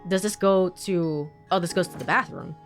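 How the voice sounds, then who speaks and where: A woman's voice: lowish voice, moderate pace. Woman let's-play streamer, casual, giggly, stammering, faint game music under her. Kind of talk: casual gaming commentary.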